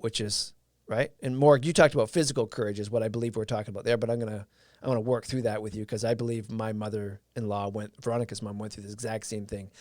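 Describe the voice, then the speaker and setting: A man's voice: mid-range voice, no room sound, clean studio sound. A man hosting a casual livestream, telling a story in a loose, rambling way with lots of fillers and restarts. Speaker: live stream host.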